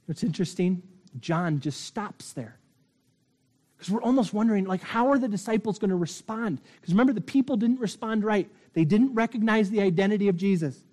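A male pastor preaching a sermon, swinging between excited bursts and hushed, intense emphasis. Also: high voice, brisk.

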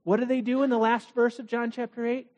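A man preaching a sermon, telling the story dramatically with rhetorical questions and swings between loud bursts and quiet asides. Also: very high-pitched, flat delivery, a little fast. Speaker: pastor.

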